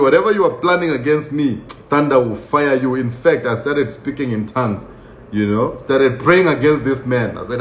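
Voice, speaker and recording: A man telling a story from his own life in a casual, conversational way, often breaking into laughter and acting out other people's lines. His voice sits at a middle pitch. The recording sounds roomy and a little dull, with faint ambience behind him. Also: moderate pace, slight background noise.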